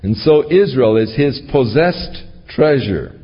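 Man, pastor, expository sermon, slow delivery, lively rise and fall, muffled lo-fi sound. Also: mid-range voice, husky, long reverb tail, soft background music. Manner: reads scripture aloud, then explains it verse by verse.

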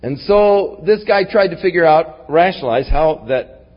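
A man preaching to a congregation, his voice rising on stressed points and dropping low and soft on asides. He is recorded with a dull, muffled sound. A long reverb fills the large hall around him. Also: expressive, normal speed. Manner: preaching with wide swings from raised emphasis to low, quiet asides. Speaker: pastor. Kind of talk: sermon.

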